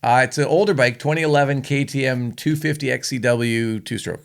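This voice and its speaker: A middle-aged Canadian man talks as a podcast guest. He tells stories in a relaxed, easygoing way and fills the pauses with ums and uhs. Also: mid-range voice, vocal fry. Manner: easygoing storyteller, hesitant fillers. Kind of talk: casual chat.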